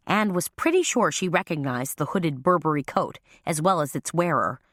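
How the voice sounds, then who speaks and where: A woman narrating a mystery audiobook in an even, storytelling way on a close studio mic. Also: fairly low pitch, no room sound. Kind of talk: scripted narration.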